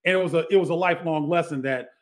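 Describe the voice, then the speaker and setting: A man's voice: a little high, rapid-fire. A middle-aged man, a former basketball player, telling stories in a casual interview with many restarts.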